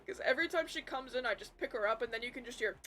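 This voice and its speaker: A young woman streaming a game from home, chatting casually and swearing often, with loud outbursts. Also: on the high side, very fast, slight background noise. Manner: swears a lot, loud outbursts while playing. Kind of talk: casual gaming stream chat. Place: home room with a computer.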